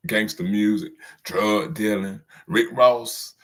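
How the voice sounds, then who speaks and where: A man's voice: on the low side, fairly even intonation, slow, fairly bright tone. A man hosting his own channel, delivering a loose, slangy commentary rant and chuckling at his own jokes.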